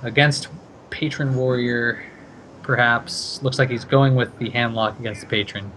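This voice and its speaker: A male esports caster breaks down each card-game play in a steady, analytical way, often thinking out loud with small fillers. His voice sits at an ordinary pitch, with a faint hum in the background. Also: measured pace.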